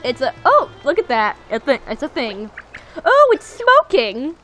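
Excitable woman let's player, very high voice, slow and bright. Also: faint music behind. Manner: excitable, squealing reactions. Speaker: gamer playing a video game. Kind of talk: let's play commentary.

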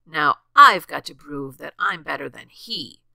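A woman voicing a big gruff male bear who snorts and sneers. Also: deep voice, expressive, a little slow, pushed and bright, dry recording, exaggerated voice. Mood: scornful. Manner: snorting, scornful.

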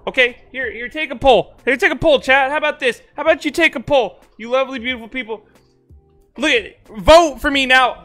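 A man's voice: very high-pitched, lively intonation, a little fast, pushed and bright, soft background music. A young man live-streaming in a casual, rambling way, exasperated and stammering through restarts as he talks to his chat.

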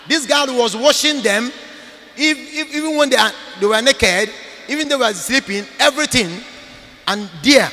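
Male priest, sermon; forceful, bright tone, insistent repetition, reverberant hall sound. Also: sits high. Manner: emphatic preaching with sudden loud bursts; repeats phrases for emphasis. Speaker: Catholic priest.

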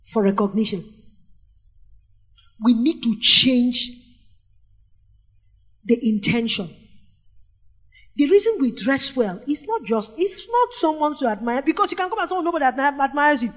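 A middle-aged Nigerian woman preaching a sermon, telling stories with animated energy and calling out questions to the congregation. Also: sits high, normal speed, pauses often. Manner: animated storytelling with call-and-response questions to the congregation.

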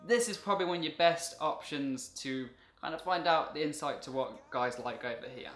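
A young Englishman with an English accent hosting a casual chat, chatty and quick to joke. His voice sits a little high for a man. It is recorded in an echoey room. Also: a bit bright, faint music behind. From England. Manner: chatty and jokey, with playful put-on quotes. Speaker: host.

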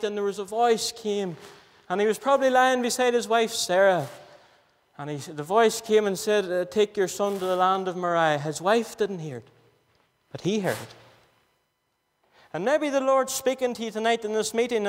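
A man preaching with earnest, pleading insistence, pressing the same questions again and again. His voice sits high. The sound carries a long reverb from a church hall. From Northern Ireland. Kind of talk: gospel sermon.

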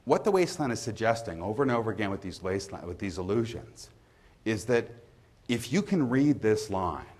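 A man who is a literature professor, giving a measured, emphatic university lecture in a lecture hall. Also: fairly low pitch, breathy edge.

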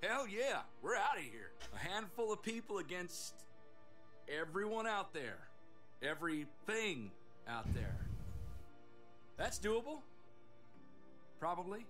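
An actor playing a brash, rough-edged male survivor in a game. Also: sits high, big pitch swings, takes it slowly, pauses often, fairly bright tone, soft background music, full character voice.

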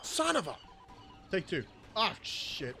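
A man giving excitable, panicky running commentary while he plays a shooter game. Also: high-pitched, takes it slowly, noisy background. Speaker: gaming channel host. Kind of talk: gameplay commentary.

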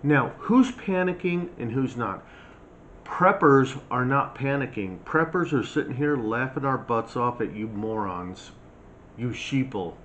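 A man's voice: medium pitch, lively intonation, unhurried, fairly bright tone. A man ranting in a blunt, mocking, scolding monologue as a prepper vlogger. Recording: slightly dull lo-fi sound, faint hiss.

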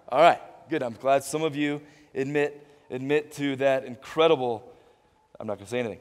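A man preaching a sermon as pastor, animated, stumbling and restarting often, and acting out little dialogues. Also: mid-range voice, brisk. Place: church sanctuary. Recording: reverberant church hall.

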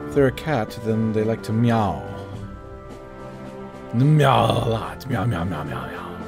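A man streaming a game live, chatting and joking with viewers in a casual, animated way while sounding tired. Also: on the high side. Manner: animated, jokey, chats with viewers. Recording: game soundtrack music playing behind. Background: game soundtrack music.

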